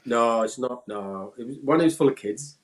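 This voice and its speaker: A Welsh man in his forties, a former footballer, telling animated anecdotes in casual chat and mimicking people in a raised voice. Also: moderate pace. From Wales. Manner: animated anecdotes, acts out quotes in a high voice. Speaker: former footballer, podcast guest. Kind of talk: casual storytelling.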